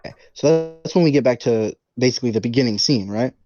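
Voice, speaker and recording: A man's voice: medium pitch, fast talker, dark tone, dry recording, dull audio. A man co-hosting a casual podcast, recapping a film with lots of fillers and acted-out quotes. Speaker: podcast co-host leading the movie breakdown.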